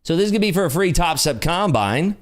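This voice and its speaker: With a fairly high pitch, big pitch swings and a fast delivery, a man gives casual live commentary while hosting a day-trading stream. He keeps things upbeat and jokey.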